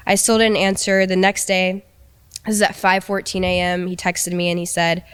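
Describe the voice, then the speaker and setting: A young woman recounts a painful experience in a halting, hesitant way. Her voice sits low for a woman and sounds smooth and clear. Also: level tone, fairly bright tone. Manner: halting, hesitant, with many restarts. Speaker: person telling her story in an interview. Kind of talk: emotional personal account.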